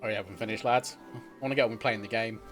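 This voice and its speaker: A man's voice: lowish voice, fairly even intonation, very fast, over music. A man casually commenting while streaming a video game, cracking crude jokes.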